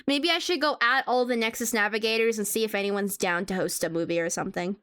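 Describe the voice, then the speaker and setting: A woman's voice: mid-range voice, fast, fairly bright tone, smooth. A woman streamer chatting casually to her viewers while she draws, laughing often and humming along to music. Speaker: VTuber streamer. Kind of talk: casual live-stream chat while drawing.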